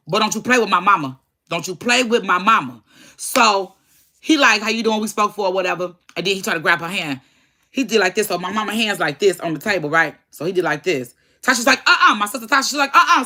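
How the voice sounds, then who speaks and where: A woman, talking straight to her viewers. She is animated and blunt, cursing freely, and her voice comes out bright and forceful. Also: mid-range voice. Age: 40s. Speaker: vlogger telling a family story. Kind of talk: casual storytelling to viewers.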